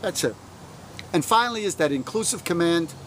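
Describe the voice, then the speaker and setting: Lively man explaining grammar outdoors. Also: a little high, a little fast, slight background noise. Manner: lively, patient, checks for understanding. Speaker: German teacher. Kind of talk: classroom-style explanation. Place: outdoors atop a tower above the prairie.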